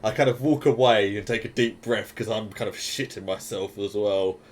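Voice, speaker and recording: A man's voice: fairly low pitch, moderate pace. A man playing a tabletop game, describing his character's actions with lots of laughter. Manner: laughing, animated storyteller. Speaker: player. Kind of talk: casual tabletop play.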